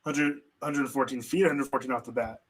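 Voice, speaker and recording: A man co-hosting a casual watch-party chat, reacting with quick short remarks. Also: mid-range voice, a little hiss or hum, low-quality recording. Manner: excitable, reacting with short interjections. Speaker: co-host.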